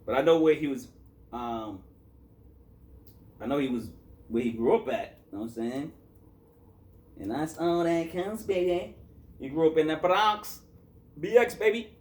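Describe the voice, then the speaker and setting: A man's voice: on the high side, measured pace, long pauses, darkish tone. A man from Boston reviewing a hip-hop album in loose, rambling casual chat, tired after a work shift and full of fillers and self-corrections.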